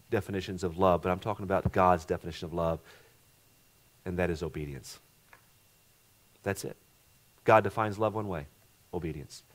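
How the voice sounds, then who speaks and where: A middle-aged man, a pastor, preaching a sermon that swings between loud emphatic passages and hushed ones, often repeating words and asking the congregation questions. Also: lowish voice.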